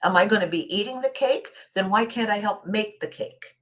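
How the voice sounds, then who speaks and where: A woman's voice: medium pitch, normal speed, fairly bright tone, close to an everyday voice. Indignant pleading little kid, questions everything, as a woman puts it on. Plain mid voice. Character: small child eager to help, indignant.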